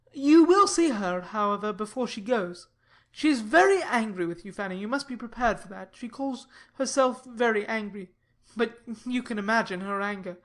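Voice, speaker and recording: A woman reading an audiobook, giving the lines of an earnest, sober young gentleman in a measured, persuasive way. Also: fairly high pitch, lightly acted. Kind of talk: audiobook reading of a classic novel.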